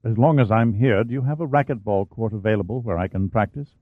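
A man's voice: lowish voice, quick pace, no room sound, close to an everyday voice. A man voicing a polite, reserved British naval lieutenant with a British accent, courteous and clipped. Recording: dry, tinny phone-like sound.

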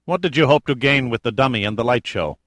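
A man's voice: mid-range voice, lively intonation, quick pace, fairly bright tone, no room sound. A man playing a menacing, grandiose cult leader. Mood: haughty. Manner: cold, commanding, contemptuous.

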